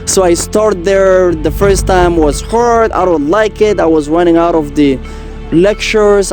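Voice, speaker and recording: A man's voice: high-pitched, a little mellow, faint music behind. Earnest young man telling his story. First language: French. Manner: earnest, halting, with many fillers and restarts. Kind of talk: personal story in casual talk.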